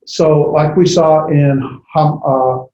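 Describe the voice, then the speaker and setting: A man lecturing a class, talking in a halting way with many fillers and restarts as he sounds out letters slowly. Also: on the high side, fairly even intonation, warm tone. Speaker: Bible language teacher. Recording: roomy, dull lo-fi classroom recording with faint hiss.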